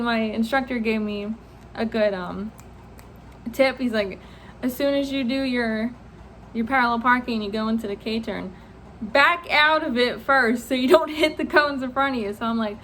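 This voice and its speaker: A young woman with a high voice tells a story to the camera, animated and laughing between lines. She swears freely and acts out the people she quotes. Faint noise sits behind her. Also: moderate pace. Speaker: vlogger. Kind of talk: casual storytelling vlog.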